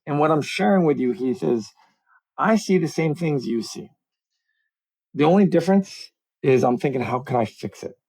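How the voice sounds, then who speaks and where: On a rough-sounding video call, a middle-aged man who works as a communications coach chats as a guest on a podcast. His husky voice sits on the higher side and moves at a normal speed. He's lively and self-deprecating, and he spends much of the time explaining.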